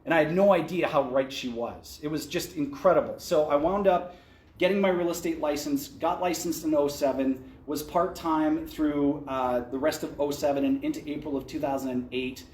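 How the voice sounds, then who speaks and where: A man's voice: a little high, moderate pace, darkish tone, a little hiss or hum. A man speaking candidly to an audience at an event, telling his career story in a conversational way with restarts. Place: event venue, indoors. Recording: echoey event room.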